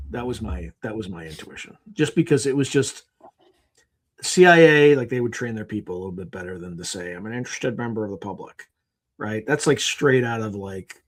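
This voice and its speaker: Animated storytelling male guest. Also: lowish voice. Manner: animated storyteller who acts out quotes. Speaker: podcast guest. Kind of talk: conversational interview.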